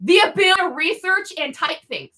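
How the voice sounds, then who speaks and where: A young adult woman co-hosting a podcast, delivering an angry, sarcastic, swear-filled comedic rant with frequent shouting. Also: extremely high pitch, very animated, brisk. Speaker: podcast co-host.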